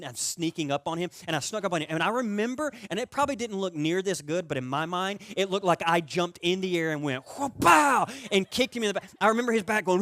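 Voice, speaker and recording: Storytelling male pastor, slightly high voice. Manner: storytelling, animated with rising volume in anecdotes; conversational, asks the audience questions. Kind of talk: sermon.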